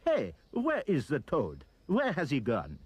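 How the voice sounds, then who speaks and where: A man voicing a greedy, shouting mob with a French accent, gloating slowly in a storybook reading. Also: medium pitch, wildly swooping pitch, slightly rough, no room sound, dull audio, full character voice. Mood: baffled.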